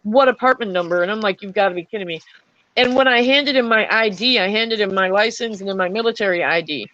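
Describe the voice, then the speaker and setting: A woman's voice: mid-range voice, quick pace, bright, forceful tone, no echo, dull audio. A young adult woman who is an army veteran, telling stories in a casual chat with lots of fillers and restarts. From Florida. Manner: rambling storytelling with many fillers.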